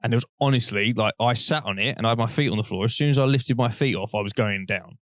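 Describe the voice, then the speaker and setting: A young man spins a loose, laughing anecdote on a casual podcast. His voice sits at a middling pitch and is recorded close and dry, with no room around it. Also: quick pace, dry recording. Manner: rambling, animated anecdotes with frequent laughter. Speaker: podcast co-host. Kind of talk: casual storytelling chat.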